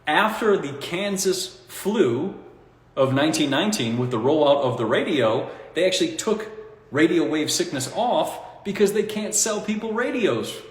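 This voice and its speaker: A man talking in a casual, rambling monologue, animated and mocking, often breaking into laughter at his own points. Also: on the high side, moderate pace. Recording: echoey room with long reverb.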